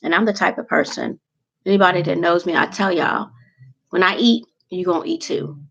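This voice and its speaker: A woman's voice: on the low side, brisk, gravelly, fairly bright tone, slightly rough, muffled recording. A woman vlogger chatting casually and emotionally to her viewers, rambling from one thing to the next.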